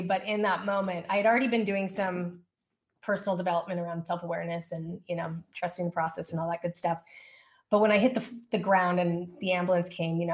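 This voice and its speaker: A woman guest on a podcast, telling a personal story in a casual, lively way, full of "like" and "you know.". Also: mid-range voice. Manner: lively personal storytelling, acts out her own past dialogue; casual, frequent fillers such as "like" and "you know". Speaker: podcast guest, leadership coach.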